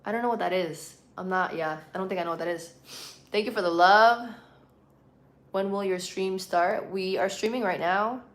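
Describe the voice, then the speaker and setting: A woman's voice: medium pitch, moderate pace, reverberant. Young adult woman streamer, bilingual, casual chat read off comments, leans on words for emphasis. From Puerto Rican and Colombian, living in the US. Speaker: live streamer.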